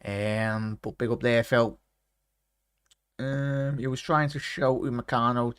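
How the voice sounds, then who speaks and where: A man's voice: mid-range voice, steady tone, a little slow, fairly bright tone, clean tone, no room sound, clean studio sound. A man hosting a football watchalong livestream, chatting casually and greeting viewers by name with "big up" and "mate". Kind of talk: casual live chat reading comments.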